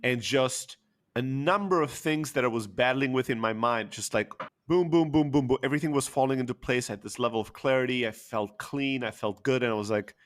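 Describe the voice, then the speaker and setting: A man's voice: mid-range voice, a little fast, a bit bright. Man, open and emotional, casual storyteller with fillers. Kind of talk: candid personal storytelling.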